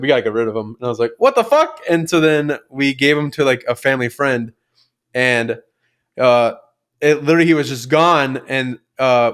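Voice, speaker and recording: A young man on a casual podcast, rambling through childhood stories with constant fillers and casual swearing. His voice sits at an ordinary, middle pitch for a man. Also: fairly bright tone, smooth. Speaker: podcast co-host. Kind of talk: casual chat.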